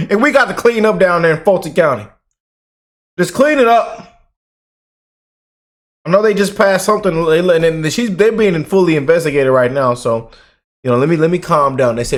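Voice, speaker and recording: Young male reaction host, somewhat high voice, fired-up, loops his points, swings between loud rants and low asides. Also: lively intonation, fairly quick. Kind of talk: heated reaction commentary.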